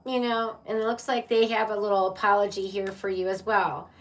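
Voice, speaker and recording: A woman's voice: medium pitch, flat delivery, brisk, distant mic. A woman giving a casual live-streamed tarot reading, chatty and playful, often laughing and calling her viewers "my love" and "baby". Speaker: tarot reader.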